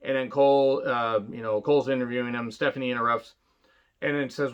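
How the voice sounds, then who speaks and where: A man's voice: mid-range voice, steady tone, brisk, smooth. Guy rambling thru a wrestling review, swears a lot, lots of uh's, kinda dull lo-fi sound. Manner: rambling, profane, lots of fillers and asides. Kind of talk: casual retro review monologue.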